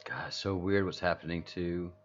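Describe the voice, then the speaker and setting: A man with a very deep voice hosts a loose livestream, reading viewer comments aloud and circling back on his own sentences. The audio is dull and lo-fi, like a basic home stream setup. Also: flat delivery, moderate pace. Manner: rambling, repeats and restarts, reads chat aloud. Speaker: channel host. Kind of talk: casual livestream chat with viewers.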